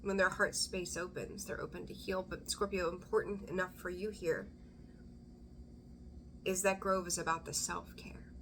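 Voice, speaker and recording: Casting note: a woman tarot reader with a lowish voice, digressive and chatty, slipping into whispers. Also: little pitch movement, moderate pace, a bit bright, slight background noise. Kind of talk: casual intuitive tarot reading.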